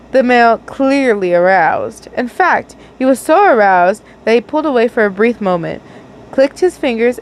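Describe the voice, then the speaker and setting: A young woman with a slightly high voice reads fanfiction aloud in a casual, giggly way, stumbling and correcting herself. The audio is poor, with slight background noise.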